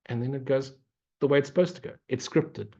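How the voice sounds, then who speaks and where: Husky blunt spiritual teacher, man. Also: mid-range voice, fairly quick, dark tone, dull audio. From Africa. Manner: blunt, swearing, mocking; repetitive, preachy. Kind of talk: non-dual Q&A talk.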